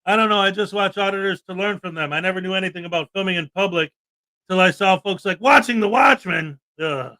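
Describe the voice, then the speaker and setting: Very high-pitched, sharp-voiced ranting man. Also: brisk. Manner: sarcastic, indignant, answers chat comments. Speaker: livestream host. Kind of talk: ranting commentary livestream.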